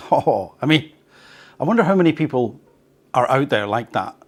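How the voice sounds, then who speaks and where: A man's voice: mid-range voice, moderate pace. Field: chatty man reading and commenting. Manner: conversational, animated asides. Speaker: podcast host teaching English. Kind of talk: reading an article aloud with commentary.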